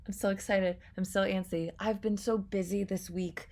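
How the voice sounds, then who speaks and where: A woman's voice: mid-range voice, steady tone, normal speed, gravelly, a little mellow. A young woman hosting a casual reaction vlog, gushing and swearing freely, often dropping to a whisper. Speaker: YouTube reaction host.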